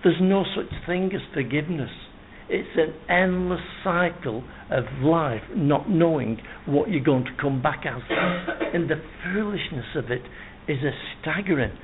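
A man's voice: on the high side, unhurried. A man preaching a sermon in an earnest, emphatic way, reciting scripture at length and building his points with repeated phrases. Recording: tinny phone-like sound with faint noise.

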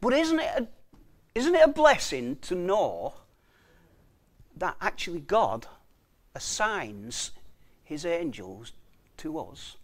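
A man with a fairly high voice delivers a conversational sermon. He reads scripture slowly and deliberately, then talks it through with rhetorical questions and frequent repeated words. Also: wildly swooping pitch. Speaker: preacher.

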